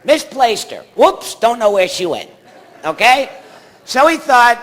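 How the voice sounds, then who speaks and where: High, bright-voiced male stand-up comic. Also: big pitch swings, normal speed. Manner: rambling, banters with the audience. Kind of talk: stand-up comedy set. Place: theatre stage before a live audience.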